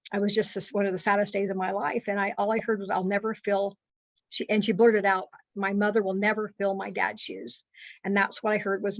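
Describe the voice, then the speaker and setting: A middle-aged woman speaks in a mid-range voice, telling a personal story to listeners on a call. She is earnest and halting, filling gaps with "um" and restarting sentences. The recording is close and dry, with no room sound. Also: mid-range voice, no room sound, muffled recording. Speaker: guest speaker.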